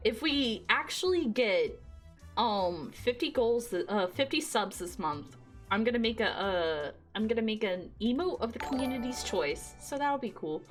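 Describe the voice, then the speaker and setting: A woman streamer chatting excitedly and giggly with her viewers, thanking them. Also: fairly high pitch, unhurried, soft background music. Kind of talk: casual chat with stream viewers.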